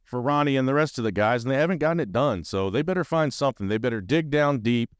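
A man's voice: mid-range voice, expressive, fast talker, smooth, no room sound. A man hosting a sports podcast, talking casually and animatedly as a fan, rambling and swearing freely. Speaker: podcast host.

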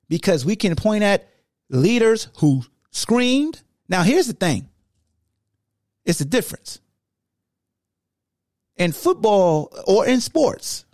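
A man hosts a sports talk show in a casual, animated monologue, with a voice pitched a little above the usual male range. His delivery jumps from loud calls down to quiet asides. The sound is dry and close, with no room around it. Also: no room sound. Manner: animated, swings from loud to low; casual, conversational phrasing. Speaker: podcast host.

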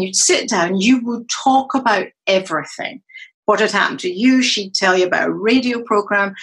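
Speaking at normal speed with a medium pitch, a middle-aged woman, a psychologist and coach, tells stories on a podcast as a guest. She animates them by acting out each quoted exchange, though the audio quality is poor.

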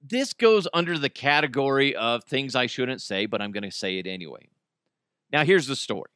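Sarcastic man ranting, bright voice. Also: medium pitch, lively intonation, moderate pace, a little hiss or hum. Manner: sarcastic, crude, laughs often. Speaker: podcast host. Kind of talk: casual comedic monologue.

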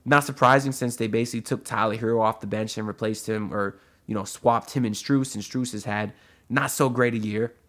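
A man's voice: fairly low pitch, steady tone, brisk, a bit bright. A man hosting his own audio sports podcast, talking loosely and chattily with lots of asides and "uh"s. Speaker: solo sports podcast host. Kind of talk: casual podcast commentary. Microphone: audio-only podcast mic.

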